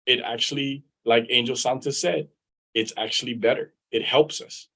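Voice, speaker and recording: A man's voice: mid-range voice, steady tone, moderate pace, fairly bright tone, poor audio. A middle-aged man from Guam, an attorney and veteran, telling personal stories in a conversational way over a video call. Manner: conversational, repeats words while thinking. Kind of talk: storytelling in a live interview.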